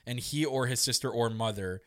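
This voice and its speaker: A man co-hosting a casual podcast chat, excitable and rambling, with quick laughs and restarts. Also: mid-range voice, clean tone, dry recording, clean studio sound. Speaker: podcast co-host. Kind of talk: casual wrestling recap chat.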